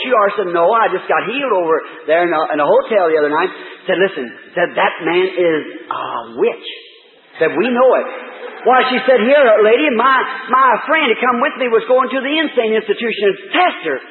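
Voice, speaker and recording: A high-pitched male preacher telling stories in a fervent sermon, his voice rising to shouts and sinking low again. He is heard through a tinny, narrow-band old recording in a big echoing hall with a long reverb. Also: animated, a little fast. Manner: fervent, rises to shouts then drops to quiet storytelling. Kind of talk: sermon with storytelling. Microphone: pulpit microphone.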